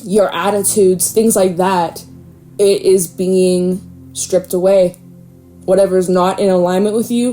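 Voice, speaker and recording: A woman giving a casual, animated tarot reading, swearing freely and laughing often. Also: medium pitch, unhurried, faint music behind. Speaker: tarot reader.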